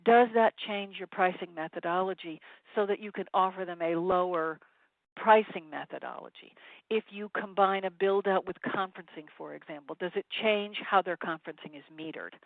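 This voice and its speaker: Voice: medium pitch, normal speed, dry recording. A consultant giving a webinar presentation, offering direct advice to sales teams, with frequent "um" fillers. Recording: tinny phone-line webinar audio, dry.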